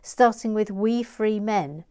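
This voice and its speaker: A woman's voice: medium pitch, takes it slowly, a little mellow, clear, resonant tone. A woman building a Lego set on a video stream, chatting casually and reading viewers' comments aloud with frequent laughs. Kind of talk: casual chat while building.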